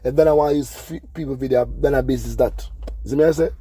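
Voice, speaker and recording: Husky Jamaican man ranting gossip. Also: medium pitch, fast talker, dark tone. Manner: chatty, repeats "you see me I say", scolding. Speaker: gossip channel host. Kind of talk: casual commentary monologue.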